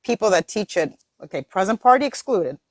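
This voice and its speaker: A woman hosting a casual chat about mindset, telling animated stories full of laughs and voiced quotes. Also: medium pitch, a little fast, crowd noise. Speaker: host.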